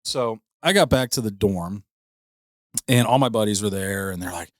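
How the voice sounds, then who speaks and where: Low-voiced man telling a story. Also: moderate pace, slight background noise. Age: 30s. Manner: laughing, rambling storyteller with many restarts. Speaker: podcast co-host. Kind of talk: casual storytelling chat.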